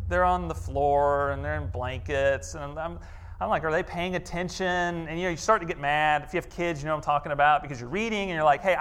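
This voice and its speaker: A pastor delivering a casual, storytelling sermon in a somewhat high male voice. He repeats key words for emphasis and piles up rhetorical questions, then softens into a quiet, unhurried tone. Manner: drops to a hushed, slow voice for tender moments. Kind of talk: conversational sermon.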